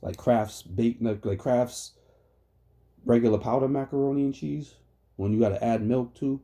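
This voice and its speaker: A man's voice: mid-range voice, normal speed, mellow. A man giving heated, profane reaction commentary on a debate clip, ranting and laughing often.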